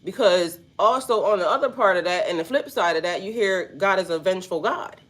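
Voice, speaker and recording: A woman's voice: mid-range voice, expressive, brisk. Rambling woman giving casual spiritual talk. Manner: rambling, rhetorical questions, slangy asides. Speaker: spiritual vlogger.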